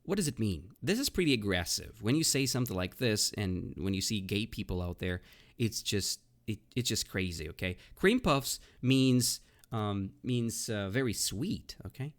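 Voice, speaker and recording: A man with a low voice teaches English vocabulary in a casual podcast lesson. His pitch swings widely as he explains. He hesitates often and keeps asking the listener "right?". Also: expressive, moderate pace. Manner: explains with frequent "right?" and "okay?" checks; hesitant, with many "uh" and "um" fillers.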